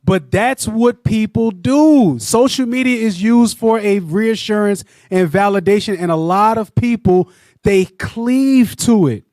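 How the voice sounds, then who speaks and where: A high-voiced man leads a religious teaching discussion with animated fervor. He repeats points and keeps checking in with his listener. The sound is close and dry. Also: a little slow, no room sound. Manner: animated, repetitive, often asks "you know what I'm saying". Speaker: Bible class teacher.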